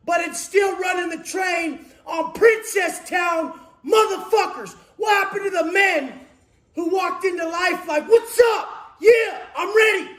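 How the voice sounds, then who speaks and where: A man delivers a motivational rant in a very high, strained register, swearing constantly and taunting the listener. He often breaks into shouting. The recording has a roomy echo. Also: unhurried. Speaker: motivational speaker. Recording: echoey room.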